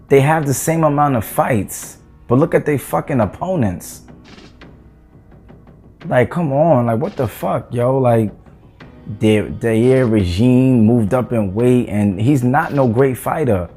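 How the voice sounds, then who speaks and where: Fired-up male vlogger, exasperated and cursing, warm low-toned timbre. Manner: heated, profane, exasperated ranting. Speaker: boxing commentator. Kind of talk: ranting opinion vlog.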